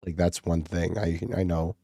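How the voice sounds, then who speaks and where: A man's voice: low voice, completely flat delivery, normal speed, creaky, warm tone, no room sound, clean studio sound. Giggly rambling male streamer. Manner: giggly, rambling, many fillers. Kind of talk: casual livestream chat.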